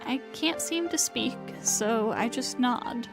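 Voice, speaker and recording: A woman streamer reading a visual novel aloud in a dramatic, hushed way, sometimes sinking into whispers. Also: a little high, animated, vocal fry, over music. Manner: slow and hushed, sinking into whispers in tense passages.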